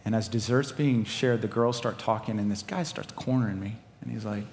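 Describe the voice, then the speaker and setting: A man preaching a sermon and telling a personal story, animated and laughing, swinging between loud preaching and quiet storytelling. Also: fairly low pitch, brisk, few pauses, slight background noise. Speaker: pastor. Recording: live hall with long reverb and faint ambience.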